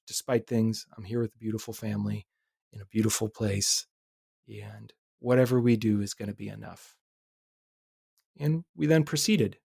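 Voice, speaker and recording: A man in his thirties hosting a podcast, telling a personal story in a relaxed, candid way with occasional swearing. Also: mid-range voice, creaky, slightly rough, dry recording, clean studio sound. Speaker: podcast host.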